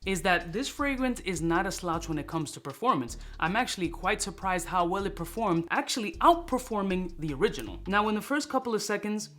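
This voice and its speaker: A man hosts a casual fragrance review in a loose, animated way. He peppers his talk with slang and jokes. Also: high-pitched, fairly quick, few pauses.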